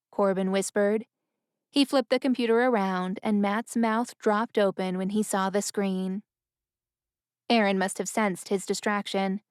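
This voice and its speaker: Brief: female audiobook narrator, smooth and resonant, dry close studio sound, even pacing. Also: medium pitch, a little slow, no echo.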